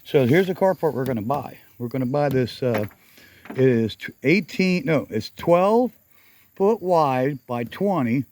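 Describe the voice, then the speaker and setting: A man's voice: medium pitch, animated, a little slow, a little mellow, a little hiss or hum. A middle-aged man chatting casually in a garage vlog outdoors, rambling and correcting himself with frequent chuckles. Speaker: garage channel vlogger.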